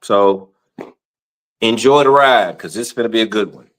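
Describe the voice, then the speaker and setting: A man co-hosting a sports talk podcast, in slangy, animated casual chat. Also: fairly low pitch, normal speed. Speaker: podcast co-host.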